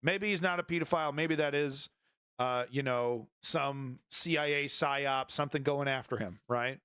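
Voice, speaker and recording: A man's voice: mid-range voice, moderate pace, a bit bright, clean tone, no echo, clean studio sound. A man streaming casual commentary on news footage, rambling with many fillers and restarts and a sardonic edge.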